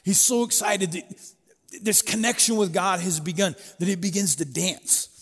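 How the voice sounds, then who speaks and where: A middle-aged man preaching a sermon in a relaxed, conversational way, storytelling and acting out quoted voices. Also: high voice, normal speed, in a large hall. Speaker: pastor.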